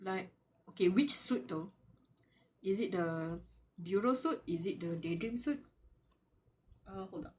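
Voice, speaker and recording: A woman's voice: medium pitch, a little slow, pauses often, slightly rough. A woman reading a web novel aloud live, breaking off to gush, squeal and laugh at the characters and talk to them. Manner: gushing fangirl reactions, squeals and laughter; muses aloud, talks to the characters. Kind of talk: live reading with excited commentary.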